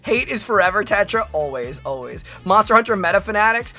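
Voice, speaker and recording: A woman VTuber chatting casually on a live stream. She reads out viewer comments in an animated, rambling way and is quick to laugh. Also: mid-range voice, soft background music.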